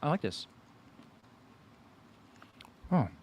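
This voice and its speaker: A man in his thirties hosting a running livestream, chatting casually and sometimes talking with his mouth full. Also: drawn-out words. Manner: relaxed, chatty, talks while chewing. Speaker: running channel host. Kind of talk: casual livestream food tasting.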